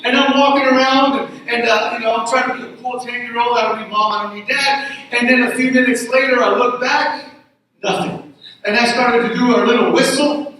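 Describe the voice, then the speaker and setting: A pastor from Tucson preaching a sermon, telling a personal story in an earnest way and repeating phrases for emphasis. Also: male voice, extremely high pitch, fairly even intonation, a little fast, bright, forceful tone. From Tucson, Arizona. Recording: echoey hall, mic from far off.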